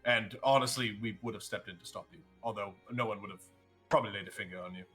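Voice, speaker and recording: A man's voice: on the low side, fast talker, bright, forceful tone, soft background music. A man playing a wry, apologetic young male adventurer who rambles and laughs as he talks, in a tabletop role-play. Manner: rambling, laughs between words.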